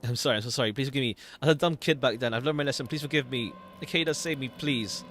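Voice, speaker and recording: A man's voice: medium pitch, very fast, fairly bright tone, a little hiss or hum, natural voice. A man reading a frightened, pleading young woman. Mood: begging.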